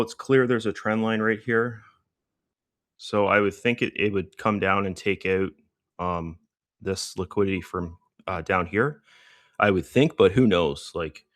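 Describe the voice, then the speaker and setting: Man, low voice, out of breath, casual rambling market talk, dry sound. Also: no room sound. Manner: loose, rambling, lots of fillers. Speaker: trading livestream host. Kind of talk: casual live market commentary.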